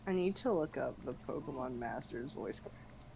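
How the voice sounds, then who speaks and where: A woman chatting casually beside a streamer, mostly with quick short reactions and some swearing. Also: extremely low pitch, animated, creaky, a little mellow, slightly rough, rough recording. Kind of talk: casual chat while gaming.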